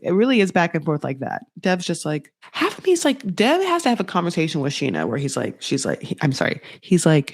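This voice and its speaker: With a lowish voice, she talks a little fast and barely pauses, a young podcast host recapping a reality show casually. She swears often and mimics quotes in shifting, mocking voices, all in clean, dry studio sound.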